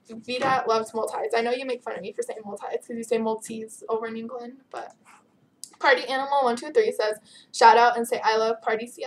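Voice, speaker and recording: A teenage girl chatting casually as she answers viewer questions in her vlog, giggly and bubbly, sounding tired. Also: a little high. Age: teens. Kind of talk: casual chat.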